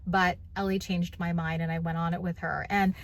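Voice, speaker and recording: A middle-aged woman hosting a casual vlog and telling a story from her own life to the camera in an animated, expressive way while sitting in a car. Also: on the low side, normal speed. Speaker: vlog host.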